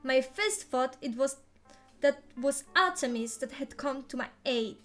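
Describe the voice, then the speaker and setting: A woman's voice: high voice, measured pace, a bit bright, soft background music. A woman reading a novel aloud in the first person, playful and theatrical. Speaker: reader.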